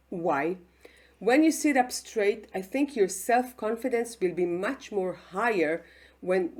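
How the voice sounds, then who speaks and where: Israeli-accented woman, Hebrew native, mid-pitched speaking coach, emphatic and demonstrative, keeps checking "okay?" Recorded on a close webcam mic. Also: a little mellow. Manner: emphatic, frequent "okay?" check-ins, acts out examples. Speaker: public speaking mentor. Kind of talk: online lesson to camera.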